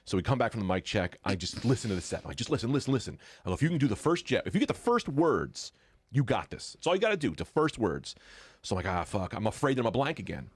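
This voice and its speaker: Animated, lively-voiced male comedian storyteller. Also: mid-range voice, quick pace, husky, no echo, clean studio sound. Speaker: comedian guest. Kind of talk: podcast storytelling.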